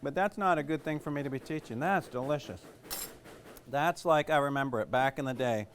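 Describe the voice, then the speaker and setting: A man's voice: medium pitch, brisk, heavy background noise. A middle-aged man, a chef, giving a casual cooking demonstration in a chatty, rambling way and joking at his own expense. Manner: chatty, rambling, jokes at himself.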